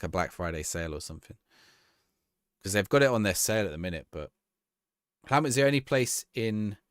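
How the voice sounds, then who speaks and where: A man's voice: mid-range voice, dry recording, clean studio sound. A young man casually chatting through a live game stream, answering chat in a rambling, easygoing way and laughing often. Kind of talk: casual gameplay commentary, reading chat.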